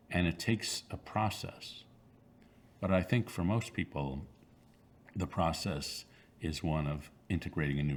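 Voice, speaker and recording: A man in his sixties with an extremely low, rumbling voice speaks in an interview. He answers thoughtfully, pausing and restarting his sentences as he works through his ideas. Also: a little hiss or hum. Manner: thoughtful, halting, with frequent fillers and restarts. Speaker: author being interviewed.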